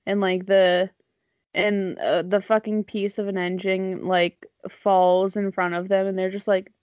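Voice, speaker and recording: A young woman talking very slowly in casual chat, blunt and teasing. Her mic is muffled and lo-fi. There is no echo at all. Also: medium pitch, level tone. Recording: dull lo-fi mic.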